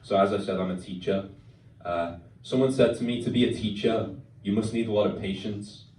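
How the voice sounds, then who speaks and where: A man's voice: on the low side, fairly even intonation, fairly quick, a little mellow, slight background noise. A young man with a Scouse accent performing stand-up, dry and self-deprecating, with many "uh" fillers. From Liverpool, England. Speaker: stand-up comedian. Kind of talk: stand-up set. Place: comedy club stage. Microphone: stage microphone. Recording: echoey club recording from a distance. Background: audience laughter.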